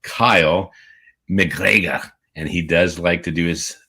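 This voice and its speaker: Enthusiastic male co-host with a very low voice, talking casually on a video call. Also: fairly even intonation, slow, pushed and bright, breathy edge. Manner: enthusiastic, rambling, upbeat. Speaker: podcast co-host. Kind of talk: casual livestream chat, reading birthday shout-outs. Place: remote livestream video call.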